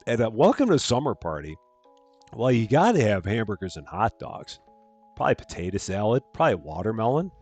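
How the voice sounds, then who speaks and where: A man casually chatting on a live game stream, reading chat aloud and greeting viewers while projecting a bit louder than normal from his room. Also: lowish voice, big pitch swings, fairly quick, breathy edge, faint music behind. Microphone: headphones on, desk mic.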